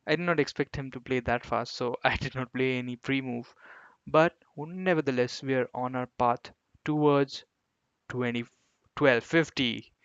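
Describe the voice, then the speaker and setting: Slow-talking chess streamer, dull lo-fi sound. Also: male voice, medium pitch, fairly bright tone, smooth. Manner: chatty, talks to viewers, self-mocking about his blunders. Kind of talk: live commentary while playing online chess.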